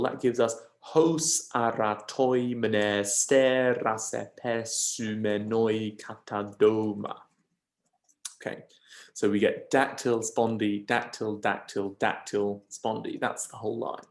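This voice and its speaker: Man explaining slowly in an echoey room. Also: medium pitch. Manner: patient, step-by-step explaining with frequent ums and rights. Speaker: teacher. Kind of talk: recorded video lesson on scanning verse.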